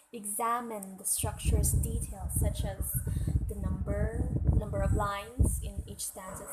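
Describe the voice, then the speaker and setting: A woman giving a step-by-step lesson on analyzing poems, in a steady, instructive manner. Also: medium pitch, background noise. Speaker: student presenter.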